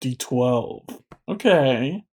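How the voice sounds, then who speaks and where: A man's voice: mid-range voice, lively intonation, drawn-out words, a little mellow, husky. A young man taking his turn in a tabletop game, hesitant and repeating himself. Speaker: player.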